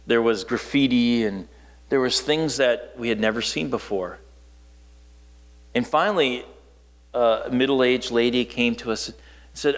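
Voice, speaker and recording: A man from northern Wisconsin preaching a sermon in a conversational, storytelling way, dropping low and quiet for emphasis. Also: big-room sound.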